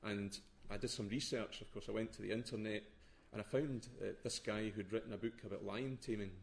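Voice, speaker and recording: Low-voiced man, hesitant casual talk. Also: steady tone, fairly quick, vocal fry. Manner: hesitant, many restarts. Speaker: poetry blogger. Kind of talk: casual talk before a reading.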